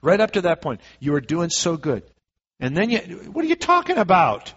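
A man's voice: a little high, huge pitch swings, normal speed, a bit bright, full character voice. Sex: man. Figure: man putting on indignant Israelite crowd member. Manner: exasperated, pleading. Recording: dull lo-fi. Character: indignant ancient Israelite man protesting to prophet.

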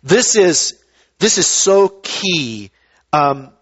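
A man's voice: a little high, very animated, very slow, breathy edge, dull audio. Conversational male pastor preaching. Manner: conversational, repeats words when starting a thought. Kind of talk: sermon.

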